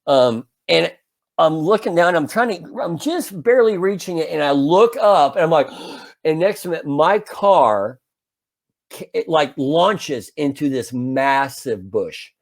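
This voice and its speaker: A man in his fifties casually telling a long anecdote as a podcast co-host, animated and full of restarts. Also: a little high, a little slow. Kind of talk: casual storytelling chat.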